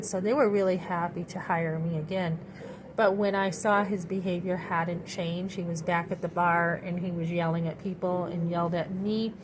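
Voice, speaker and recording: A middle-aged woman in a rambling personal monologue, full of fillers and restarts. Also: fairly low pitch. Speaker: vlogger. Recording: noisy background.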